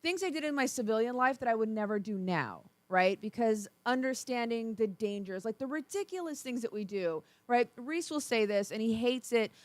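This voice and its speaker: A woman's voice: on the high side, expressive, normal speed, few pauses, no echo. A woman co-hosting a talk radio show, explaining her points earnestly and often checking in with "right?". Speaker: radio co-host. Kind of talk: casual talk radio conversation.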